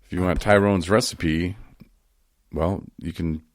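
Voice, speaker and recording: A man's voice: sits low, fairly even intonation, unhurried, no room sound, studio quality. A man co-hosting a podcast in casual chat, joking around and laughing often. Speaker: podcast co-host.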